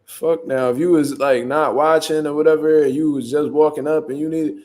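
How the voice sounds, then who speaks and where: Profane, animated young man from Philly. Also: fairly high pitch, moderate pace. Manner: profane, animated street storytelling with acted-out quotes. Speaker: show host. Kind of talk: casual storytelling.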